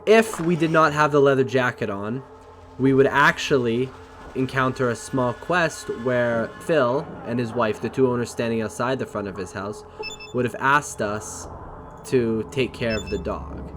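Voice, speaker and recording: Man narrating a game playthrough, steady and explanatory, mid-pitched voice. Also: measured pace, over music. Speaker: gameplay narrator. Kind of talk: let's play narration.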